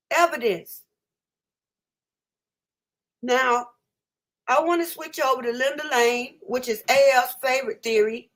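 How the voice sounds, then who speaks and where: A woman's voice: high voice, fairly bright tone. A woman hosting a live stream, arguing her view of a case emphatically and often repeating herself. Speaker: host.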